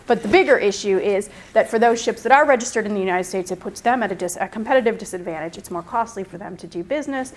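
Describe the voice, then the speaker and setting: Woman in her fifties, law professor, classroom lecture, mid-pitched, questioning, restarts mid-sentence. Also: quick pace, hardly any pauses, rough recording.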